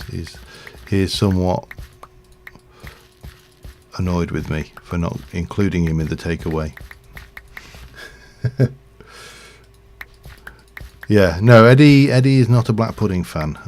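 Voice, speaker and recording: Streaming a game live, this middle-aged man rambles chattily with fillers and little chuckles. He speaks low with vocal fry and a darkish tone, and there's slight background noise.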